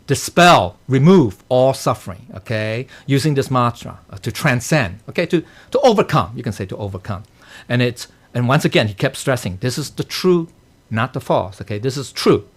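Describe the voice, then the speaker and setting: Male dharma teacher, lively up-and-down delivery, constant "okay? right?" check-ins, chuckles at his own asides. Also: medium pitch, moderate pace. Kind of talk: explaining a sutra to a class. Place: temple study class.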